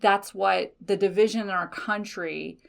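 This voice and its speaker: A woman's voice: mid-range voice, unhurried, creaky. A woman in her forties from the United States, hosting a podcast alone and talking candidly, swearing freely and laughing often. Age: 40s. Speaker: podcast host. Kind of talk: casual solo podcast monologue.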